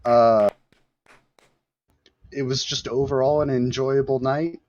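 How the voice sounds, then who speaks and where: A man's voice: mid-range voice, fairly even intonation, takes it slowly, darkish tone, no echo, muffled recording. A man speaking as a pilot guest over voice chat, hesitant with many fillers. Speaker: pilot guest in a game community. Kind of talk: casual voice chat.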